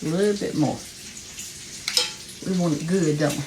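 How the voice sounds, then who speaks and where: A low-voiced Southern woman speaks at a moderate pace while demonstrating home cooking, chatty and folksy, addressing viewers as "y'all" and sounding a little winded. Heavy background noise fills the home kitchen recording, along with a faint frying sizzle.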